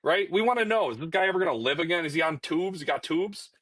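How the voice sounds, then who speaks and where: A man's voice: a little high, animated, quick pace, fairly bright tone, no echo, rough recording. A young man co-hosting a casual hockey podcast, ranting in an exasperated, profane way about his team. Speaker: podcast co-host. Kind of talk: casual chat.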